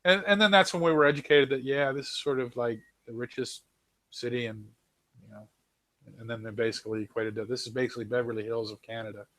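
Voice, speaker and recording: A man from New Zealand in casual chat, animated, laughing often and swearing casually. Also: mid-range voice, quick pace, no room sound. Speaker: host.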